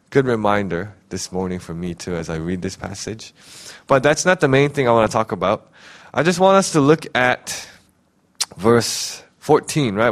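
A man giving an informal sermon, talking conversationally with many fillers and getting animated when he quotes. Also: mid-range voice. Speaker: pastor.

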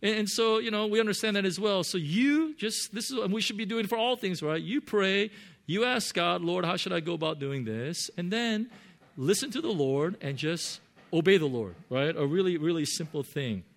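A man's voice: high voice, expressive, moderate pace, vocal fry. A man preaching a sermon to his congregation, earnest, often repeating words as he searches for phrasing. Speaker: pastor.

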